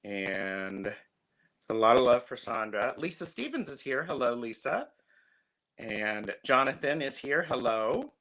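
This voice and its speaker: A man's voice: mid-range voice, expressive, measured pace, a bit bright. A man in his fifties hosting a casual livestream, chatting and greeting viewers by name. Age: 50s. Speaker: livestream host.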